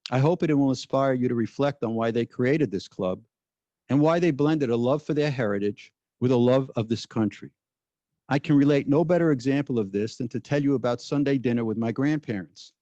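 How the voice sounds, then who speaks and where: Earnest judge giving a speech. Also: male voice, medium pitch, warm tone, no room sound. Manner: measured, earnest oratory. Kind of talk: formal ceremony speech. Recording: dull, dry lo-fi recording.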